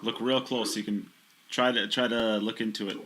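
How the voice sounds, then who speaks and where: A man's voice: fairly low pitch, steady tone, moderate pace, fairly bright tone, a little hiss or hum. A man hosting a pool live stream, reading out donations and updates in a loose, friendly way. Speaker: stream host.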